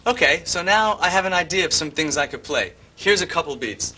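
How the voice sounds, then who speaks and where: An older male drum teacher with a bright, forward voice walks through a beat piece by piece. His tone is methodical, and faint room ambience sits behind him. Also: lively intonation, brisk, slight background noise. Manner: methodical, hums bass lines as syllables. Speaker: drum instructor. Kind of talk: instructional explanation with count-ins.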